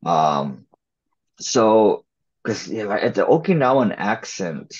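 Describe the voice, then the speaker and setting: Low, husky-voiced man chatting. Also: slow. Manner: relaxed, rambling, many fillers and restarts. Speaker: actor and filmmaker guest. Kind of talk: casual interview chat. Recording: slightly dull lo-fi audio.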